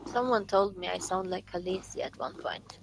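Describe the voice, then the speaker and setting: Gravelly-voiced young woman, matter-of-fact. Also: mid-range voice, moderate pace, background noise. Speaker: friend in a group chat. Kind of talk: casual chat.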